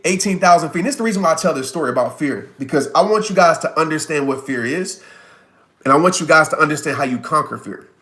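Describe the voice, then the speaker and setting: A man's voice: fairly high pitch, a bit bright. A man in his thirties, a motivational speaker telling a personal story with emphatic repetition during a live talk, reading viewer comments aloud.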